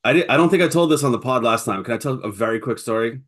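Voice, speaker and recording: Man telling a stumbling, animated story. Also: mid-range voice, racing. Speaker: podcast co-host. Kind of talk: casual chat. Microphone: video call.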